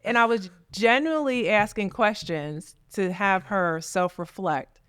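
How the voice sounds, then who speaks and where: A woman real estate agent as a guest on a casual podcast, telling stories in a lively way and acting out the voices she quotes. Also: mid-range voice, measured pace, smooth, no echo, studio quality. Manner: lively storyteller who acts out quoted voices.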